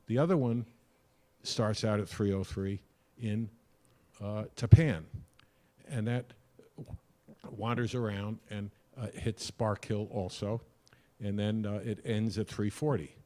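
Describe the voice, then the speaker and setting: A man's voice: fairly low pitch, fairly even intonation, measured pace, darkish tone. Older man rambling at a public meeting. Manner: rambling, hesitant with many uhs. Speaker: public commenter. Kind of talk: public comment at town board meeting.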